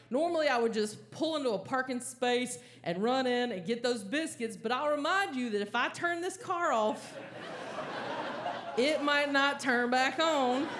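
A woman stand-up comedian, telling a story on a comedy club stage with lively, frantic acted-out panic. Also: fairly high pitch, background noise. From American South. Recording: audible live crowd ambience.

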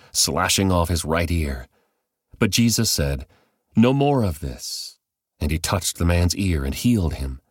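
Man, very low voice, dry close sound, measured scripture narration. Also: slightly rough, no room sound. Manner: measured, deliberate reading. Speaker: Bible reader.

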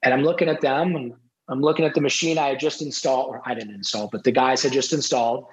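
A middle-aged man, a podcast guest, telling a personal story in an animated way and acting out the dialogue. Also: mid-range voice, fast, lo-fi sound. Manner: animated, acts out quoted dialogue.

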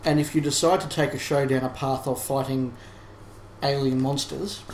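A man's voice: mid-range voice, fairly even intonation, moderate pace, a little mellow. A man co-hosting a casual podcast discussion, talking in a thoughtful, analytical way with frequent restarts. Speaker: podcast co-host. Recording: roomy sound with faint background hiss.

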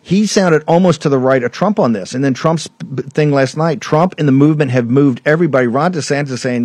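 A man's voice: on the high side, brisk, few pauses, darkish tone, no echo. A man hosting a political talk show, ranting emphatically and combatively, rambling with restarts. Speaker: show host.

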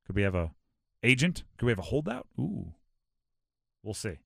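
A man from Hawaii hosting a sports talk show, animated and rhetorical, often acting out quotes. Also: lowish voice, normal speed, creaky, no room sound, clean studio sound.

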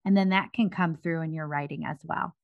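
A woman hosting an interview, speaking in a relaxed, reflective way and often saying "like". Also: low voice, brisk, gravelly, phone-quality sound. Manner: conversational, reflective, uses "like" often. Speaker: podcast host. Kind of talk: casual interview chat.

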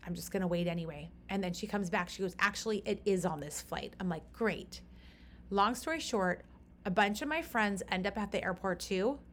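A woman in her thirties hosting a podcast, telling a story in a lively, exasperated way and acting out the people she talked to. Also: mid-range voice, a little fast, a little hiss or hum. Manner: animated, reenacts conversations with rising exasperation. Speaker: podcast host.

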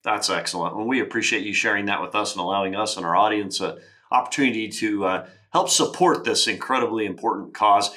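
A man hosting a podcast in casual interview chat, enthusiastic and expressive, generous with compliments for his guest. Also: lowish voice, fast. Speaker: podcast host.

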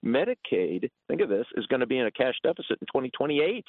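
A middle-aged man calling in as a guest for a radio interview, speaking in a measured, plain-spoken way. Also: mid-range voice, sing-song, no room sound. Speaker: guest on the phone. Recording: tinny phone line.

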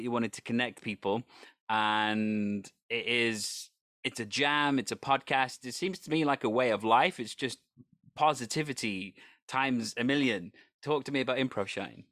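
A man's voice: medium pitch, moderate pace, fairly bright tone, dry recording, studio quality. A man from North Wales hosting a podcast, chatting in a friendly way and asking open questions over a video call. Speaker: podcast host. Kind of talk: conversational interview.

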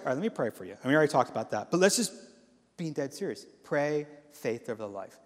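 A man's voice: fairly high pitch, racing. A man giving a sermon as guest speaker, telling stories and acting out the voices in them. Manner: animated storytelling with quoted voices. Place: church hall. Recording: long hall reverb.

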